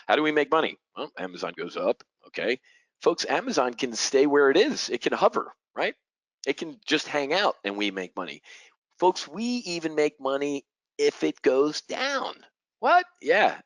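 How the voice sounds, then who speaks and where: Punchy and direct, this middle-aged webinar instructor talks options trading to a live audience, peppering them with rhetorical questions and fighter-pilot lingo. His voice sits at medium pitch, and the audio is poor with no echo.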